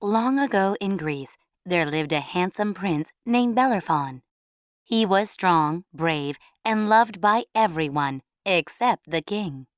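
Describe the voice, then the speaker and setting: Slow, measured woman storyteller. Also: on the low side, animated. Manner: clear, measured read-aloud. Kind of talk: storybook reading for English learners.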